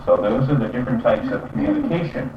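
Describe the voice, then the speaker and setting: A man's voice: medium pitch, huge pitch swings, fast talker. A man teaching about spiritual practice in an earnest, explanatory way, often checking in with "you see?". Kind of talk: spiritual teaching with chant demonstrations. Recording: roomy, distant, dull sound with faint traffic.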